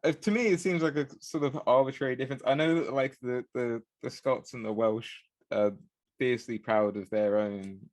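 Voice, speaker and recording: A man's voice: medium pitch, moderate pace, a little mellow, no room sound. A man from Britain co-hosting a podcast, rambling with many fillers in casual chat. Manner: rambling, hesitant, full of fillers and restarts. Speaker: podcast co-host. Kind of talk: casual round-table chat.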